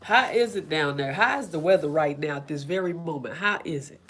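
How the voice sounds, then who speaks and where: A woman's voice: low voice, brisk, fairly bright tone, husky. Chatty woman. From Oklahoma, USA. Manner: chatty and rambling, acting out quotes. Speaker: self-care vlog host. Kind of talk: casual chat with live viewers.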